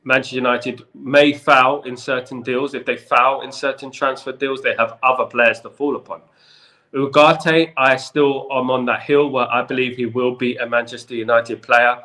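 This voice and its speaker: A man with a London accent talks through football news on a live stream, replying to his viewers as they comment. He speaks at an ordinary, middle pitch and loops back over the same phrases again and again. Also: little pitch movement, moderate pace, sharp tone. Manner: repetitive, chatty, keeps saying "in regards to". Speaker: football channel host.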